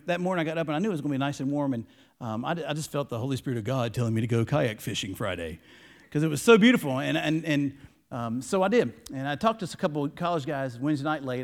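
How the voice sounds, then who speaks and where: A male pastor preaching a sermon, telling a story in a folksy, emotional way with many restarts. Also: fairly high pitch. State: tearful. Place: church.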